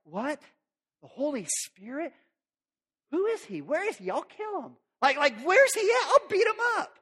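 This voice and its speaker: A man's voice: very high-pitched, sing-song, unhurried, pitched above the performer's own voice, full character voice. A man doing a furious, jealous young Joey. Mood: outraged. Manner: shouting, outraged.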